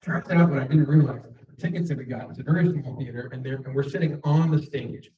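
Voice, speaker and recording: A man's voice: mid-range voice, brisk. A man doing stand-up, telling a story in a rambling, chatty, self-mocking way with lots of fillers, on a small stage before a live audience. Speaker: stand-up comedian. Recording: echoey room, distant mic, dull sound.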